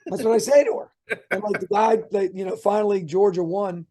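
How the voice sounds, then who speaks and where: Middle-aged man, basketball coach, raised voice, mellow tone, rambling stories. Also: high voice, fairly quick. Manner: chatty, restarts often, lively anecdotes. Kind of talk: interview guest, rambling storytelling.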